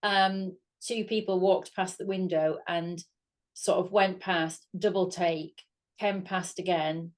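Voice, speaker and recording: A middle-aged British woman co-hosting a casual chat, telling an animated anecdote. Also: fairly low pitch, slow. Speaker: co-host.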